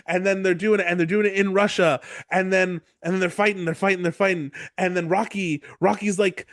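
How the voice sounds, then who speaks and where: Podcast co-host, male, high voice, dry close sound, animated storyteller who acts out scenes. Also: a little fast, dry recording. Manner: excitable storyteller, acts out lines, laughs often. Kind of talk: casual chat, retelling a movie plot.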